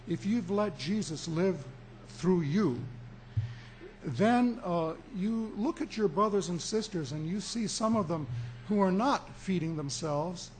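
Slow, high-voiced preaching man. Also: a little mellow, slight background noise. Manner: emphatic preaching, slow deliberate pauses, rising for emphasis. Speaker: pastor. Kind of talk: sermon.

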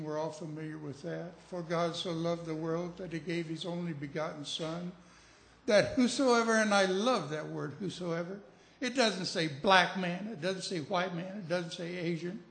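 A man's voice: on the high side, gravelly, a bit bright. A man preaching a sermon, telling a story and building to emphatic, urgent appeals. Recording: echoey room.

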